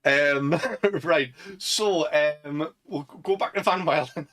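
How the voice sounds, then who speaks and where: A man's voice: on the high side, slow pace, fairly bright tone. A man with a Northern English accent co-hosting a casual chat, laughing often and acting out film quotes. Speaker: podcast co-host.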